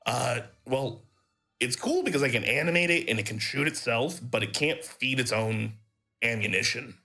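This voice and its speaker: A man running a tabletop game as game master, laughing often and talking in a lively way. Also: medium pitch, moderate pace, faint music behind.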